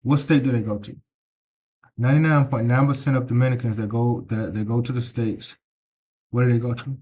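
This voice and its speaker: Out on the street with a phone in his hand, a middle-aged travel vlogger speaks fairly quickly in a mid-range, slightly mellow, husky voice with fairly even intonation. He sermonizes, circles back over the same ideas, and keeps tacking "right?" onto his lines in this casual walking vlog.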